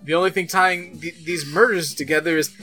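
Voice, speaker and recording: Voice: mid-range voice, fairly even intonation, fairly quick, bright, forceful tone, faint music behind. A podcast co-host in casual chat, riffing jokingly on the others' stories. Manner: jokey, riffs on the others' stories.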